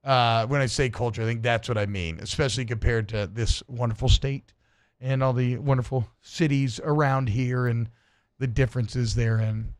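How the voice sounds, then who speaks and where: A man's voice: medium pitch, fairly even intonation, moderate pace. A man from suburban Georgia co-hosting a sports radio show, talking in a chatty, rambling, joking way. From suburbs north of Atlanta, US. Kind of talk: casual sports talk banter.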